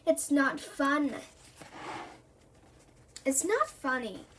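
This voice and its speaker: Woman reading bossy boy detective andy, high voice, fed up and slow. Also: big pitch swings, a bit bright, a little hiss or hum, exaggerated voice. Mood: impatient.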